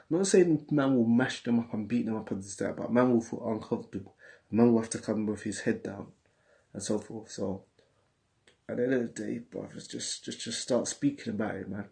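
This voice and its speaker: Reading viewer messages aloud on his laid-back livestream, this English host talks in London street slang. He speaks briskly, with a fairly low, mellow voice and some vocal fry.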